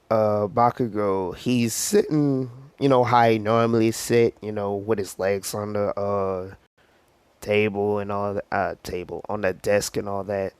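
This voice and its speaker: Dude rambling through a story, tons of "you know", slow, dry mic. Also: male voice, fairly low pitch, darkish tone, clear, resonant tone, no room sound. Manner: rambling, full of fillers. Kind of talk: casual fan-fiction storytelling.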